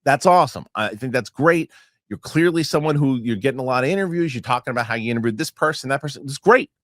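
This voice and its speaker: A podcast host, a man, tells a story in a lively, swooping voice that jumps between low mutters and high outbursts. He talks in loose, rambling runs, stopping and restarting his sentences. The close mic sounds dry and close, with no room around it. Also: fast, no echo. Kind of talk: casual podcast chat.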